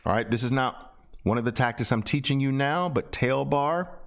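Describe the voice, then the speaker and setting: A middle-aged man teaching a trading lesson over a screen share, animated and repetitive, with loud "boom" exclamations. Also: moderate pace, slight background noise. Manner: animated, punctuates with loud "boom" and repeats phrases. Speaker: trading instructor.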